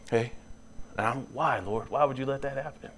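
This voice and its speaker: A young man preaching in a church, earnest, his voice climbing high and loud when he presses a point. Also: a little fast. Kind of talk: sermon. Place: church sanctuary.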